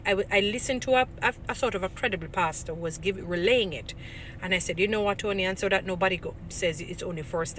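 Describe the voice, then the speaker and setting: A woman's voice: fairly low pitch, sharp tone, slight background noise. A woman giving Christian commentary in a casual vlog, earnest and given to repeating points for emphasis. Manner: earnest, grows indignant, repeats herself for emphasis.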